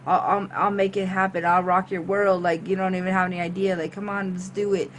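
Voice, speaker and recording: A woman voicing an older woman who stalks and presses herself on someone, with breathy pleading and spiteful threats. The voice sits a little above her usual one. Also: on the low side, flat delivery, brisk, slight background noise, natural voice. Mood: seductive.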